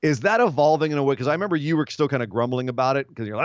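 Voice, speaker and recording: Podcast co-host, male, mid-pitched, rambling recapper on a dull dry mic. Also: smooth, no room sound. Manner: rambling, retells comedy segments with quick voiced asides. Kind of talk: casual wrestling recap chat.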